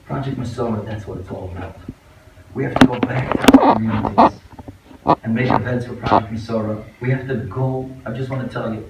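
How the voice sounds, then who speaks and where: A man, a rabbi, giving a storytelling speech at a banquet, moving between hushed and impassioned delivery. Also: mid-range voice, lively intonation, brisk, creaky. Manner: dramatic, swings from hushed to impassioned. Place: large banquet hall. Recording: echoey hall recorded from far off, faint noise.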